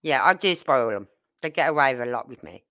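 A woman's voice: very deep voice, expressive, a little fast, a bit bright, no echo. A middle-aged woman, a grandmother and neighbour, chatting in a rambling way and often checking that the listener follows. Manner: chatty, rambling, keeps asking "you know what I mean". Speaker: neighbour interviewed. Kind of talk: casual storytelling chat.

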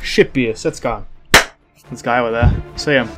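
A young man commentating his own gameplay in casual chat, excitable and swearing a lot, shouting taunts at other players. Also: medium pitch, normal speed, loud music behind the voice. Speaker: gaming channel host.

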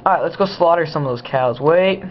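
A man's voice: a little high, brisk, slight background noise. Goofy teen boy rambling over gameplay. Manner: goofy, rambling, talks to himself. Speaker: gamer. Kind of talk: casual gameplay commentary. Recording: dull lo-fi home recording.

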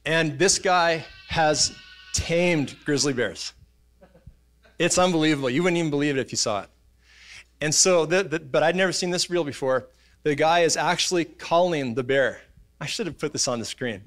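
A man, preaching a sermon in a church, telling stories in an animated way and acting out voices and sounds. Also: on the high side, a little fast, soft background music. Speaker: pastor. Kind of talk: casual sermon storytelling. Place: church auditorium.

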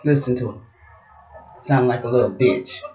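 A woman's voice: rumbling low, normal speed, dark tone. A woman giving a casual tarot reading, brash and mocking, with a lot of profanity. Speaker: tarot reader. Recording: roomy echo.

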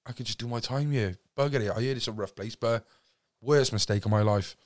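A young man with a Cardiff accent, a podcast guest telling a story in a casual, animated way and acting out what people said. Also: medium pitch, a little fast. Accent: Welsh, Cardiff. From Wales. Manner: animated, acts out quotes, swears freely.

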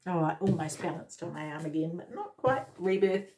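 A woman's voice: sits low, animated, a little fast, darkish tone, slight background noise. A woman giving a casual, effusive tarot reading, talking straight to the viewer. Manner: enthusiastic, effusive, addresses viewer directly. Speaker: tarot reader.

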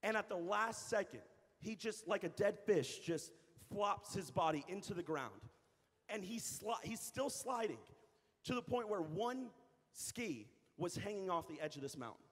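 A young adult man, a youth pastor, telling a story in a sermon, animated and repeating phrases for emphasis. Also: sits high, unhurried, breathy edge. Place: church hall. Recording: reverberant church hall.

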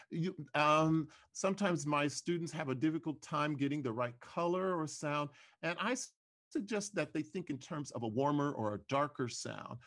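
Hesitant male voice professor lecturing. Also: on the high side. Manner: relaxed, hesitant, many fillers, sings short examples. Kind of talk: lecture presentation.

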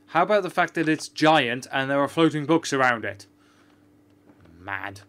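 A man's voice: mid-range voice, expressive, moderate pace, a bit bright. A man giving chatty, joking, sarcastic commentary while playing a video game. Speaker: gamer. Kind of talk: let's-play commentary.

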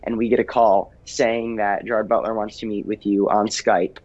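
A man's voice: fairly low pitch, little pitch movement, normal speed, a little mellow. Earnest teen boy, lo-fi interview sound. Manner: earnest, with frequent ums and restarts. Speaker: actor guest. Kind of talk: casual interview chat. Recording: dull lo-fi sound with faint music.

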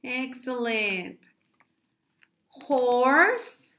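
A woman teaching an English lesson to preschoolers, speaking slowly and enunciating carefully as she prompts children to repeat after her. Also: high voice, big pitch swings, bright, forceful tone, slight background noise.

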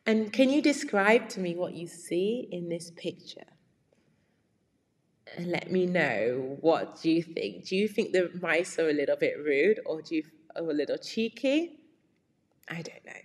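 A woman with a lower voice reads a storybook aloud to children. She stops to explain words and ask them questions in a friendly way. The recording has a long reverb. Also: expressive, measured pace. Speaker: read-aloud teacher.

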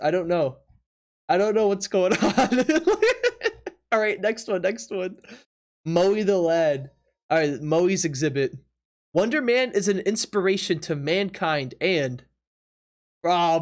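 A man's voice: sits high, expressive, a little slow. Laughing, incredulous male streamer. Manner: laughs often, incredulous, teasing chat. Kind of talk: casual live-stream commentary. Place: apartment.

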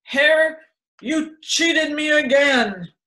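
A woman's voice: on the high side, animated, slow, pushed and bright, roomy sound, exaggerated voice. A woman voicing a lazy, grumpy male bear who complains indignantly in a children's storybook.

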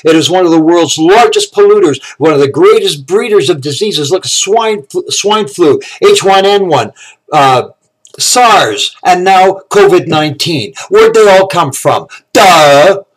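A man's voice: sits high, expressive, unhurried. Outraged man ranting. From Canada. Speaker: political commentator. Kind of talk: angry monologue to camera.

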